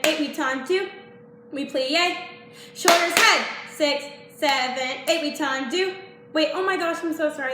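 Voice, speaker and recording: A woman's voice: sits high, a bit bright. A young woman teaching dance, chatty and apologetic, counting the beats aloud. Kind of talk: dance tutorial vlog. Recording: echoey room with faint noise.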